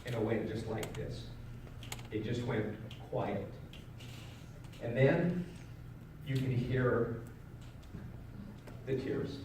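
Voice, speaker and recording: A middle-aged man giving a motivational keynote, telling a personal story in an earnest way that moves from loud to hushed. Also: mid-range voice, extremely slow, pauses often, background noise. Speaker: keynote speaker. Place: large event hall. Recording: echoey hall, mic at a distance.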